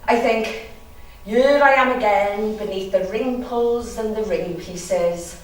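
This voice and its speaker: In a natural, mid-range voice and at a slow pace, a young Welsh woman from the valleys of South Wales performs a mischievous, bawdy dramatic monologue, laughing often. It was captured on a distant mic in an echoey room.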